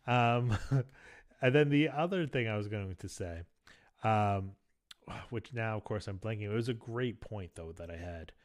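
A man co-hosting a podcast, chatting casually, often laughing and pausing with ums. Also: fairly low pitch. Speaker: podcast co-host.

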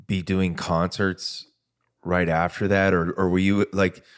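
A man hosting a podcast, asking gentle, halting questions full of "like.". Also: sits low, level tone, clear, resonant tone. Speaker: podcast host. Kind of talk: interview questions.

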